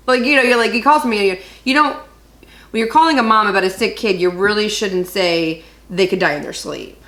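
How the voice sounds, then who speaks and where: A woman co-hosting a podcast, telling a story in a rambling, animated way and laughing as she goes. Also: medium pitch, fairly quick, echoey room. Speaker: podcast co-host. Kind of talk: casual chat.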